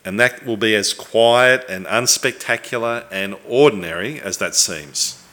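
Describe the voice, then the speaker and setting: A man preaching a sermon, earnest and reflective, with thoughtful pauses and the odd restart. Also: on the low side, pushed and bright.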